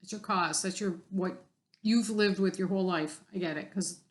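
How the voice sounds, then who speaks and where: A woman's voice: lowish voice, moderate pace. A woman telling a story in a casual vlog, blunt and exasperated, swearing freely. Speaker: vlogger.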